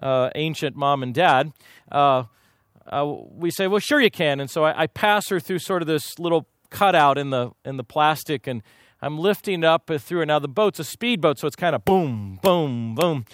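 A Kansas man preaches a sermon, spinning folksy, funny stories from his own life in lively fashion. His voice sits a little high and moves at a moderate pace, recorded dry with studio quality.

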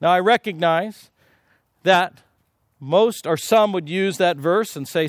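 A middle-aged man delivers a sermon in a relaxed, conversational way, throwing rhetorical questions and asides at his listeners. His voice sits high for a man. The recording is close and dry, with no room echo. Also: takes it slowly. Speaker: preacher.

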